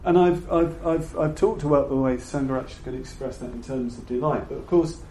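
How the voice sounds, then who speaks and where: An older man gives a reflective dharma talk to a gathered audience, speaking at a mid pitch. His delivery is halting and thoughtful, with frequent repeated words as he feels for the right phrasing. The room adds a roomy echo, and there is a faint background hiss. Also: mellow. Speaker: Buddhist teacher giving a talk.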